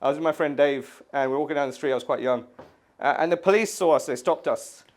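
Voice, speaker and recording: A man's voice: fairly high pitch, fast. A middle-aged man from England, performing a stand-up set in an exasperated, ranting manner with lots of swearing. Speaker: stand-up comedian. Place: art gallery stage, live audience.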